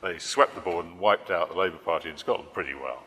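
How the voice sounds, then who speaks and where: Male political cartoonist at a public talk: deep, bright voice, rambling, dry wit, echoing hall. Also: quick pace, a little hiss or hum. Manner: rambling, self-correcting, dry humor.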